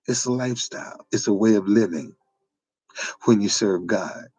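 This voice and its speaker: A man's voice: fairly low pitch, animated, normal speed, warm tone, no room sound, highs cut off. A man, delivering an informal preaching monologue with repetitive, emphatic phrasing. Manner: repetitive, emphatic, folksy street-preacher cadence. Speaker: online preacher.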